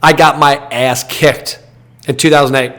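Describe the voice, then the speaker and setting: A man in his thirties, a podcast host, telling a story in a blunt, animated, casual way. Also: mid-range voice, a little slow. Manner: animated, blunt, acts out quoted dialogue.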